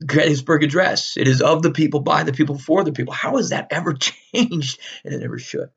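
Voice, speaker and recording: A man giving a casual, animated history lecture, emphatic and repeating key words, with frequent laughs. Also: fairly high pitch, a little fast, creaky, slightly rough, lo-fi sound. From northern United States. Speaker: history teacher.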